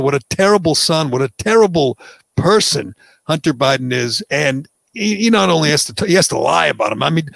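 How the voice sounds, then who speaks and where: A man's voice: fairly high pitch, gravelly, fairly bright tone, no room sound. A man hosting a political talk show, delivering mocking, scornful commentary.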